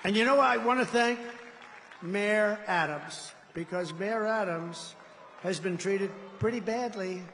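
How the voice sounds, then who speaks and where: A man with a high-pitched voice delivers a rambling, boastful rally speech. He drifts from point to point in a digressive way. His words ring out with a long reverb through a large indoor arena. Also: unhurried, a bit bright, some chatter behind, a little hiss or hum. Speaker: political candidate.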